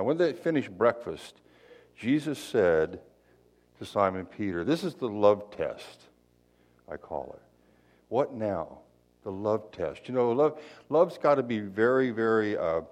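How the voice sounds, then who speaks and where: A man's voice: lowish voice, sing-song, measured pace, darkish tone. A male pastor giving a conversational sermon in a folksy, chatty way, full of asides and rhetorical questions.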